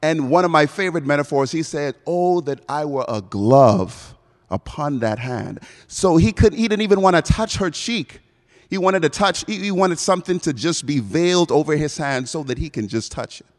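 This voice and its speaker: Conversational preacher, semi-Bahamian American accent. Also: male voice, on the high side, brisk, long reverb tail. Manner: conversational, asks the congregation questions. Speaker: pastoral fellow preaching. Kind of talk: evening sermon.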